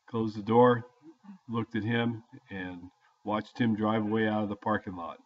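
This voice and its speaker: A man's voice: on the low side, fairly even intonation, a little slow. An older man casually telling a story from his youth in a folksy, plain-spoken way. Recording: dull lo-fi audio.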